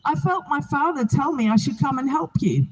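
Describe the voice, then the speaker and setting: A woman's voice: sits high, lively intonation, brisk, rough recording. A woman from England, giving an earnest, heartfelt spoken testimony outdoors to a gathering. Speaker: Bible reading organizer.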